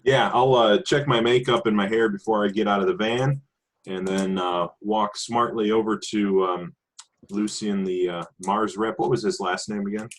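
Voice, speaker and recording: Low-pitched male player, halting and filler-heavy. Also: fairly even intonation. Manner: halting, lots of uh and um. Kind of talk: casual role-play chat.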